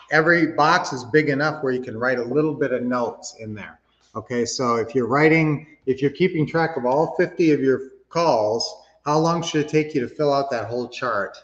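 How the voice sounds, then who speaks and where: A man's voice: medium pitch, a bit bright, big-room sound, muffled recording. A middle-aged man hosting a casual coaching livestream, upbeat and motivational, talking straight to his viewers. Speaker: livestream host, real estate coach.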